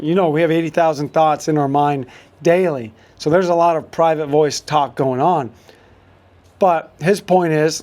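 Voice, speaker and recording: A man hosts a solo sports podcast, coaching listeners in a motivational way, with fillers and restarts along the way. His voice is a little high with a darkish tone.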